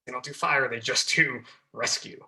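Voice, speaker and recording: Man, podcast guest, firefighter, chatty, frequent fillers, very bright forceful voice. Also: medium pitch, moderate pace, creaky. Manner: chatty, many fillers and restarts. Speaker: guest, fire lieutenant. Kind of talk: casual podcast interview.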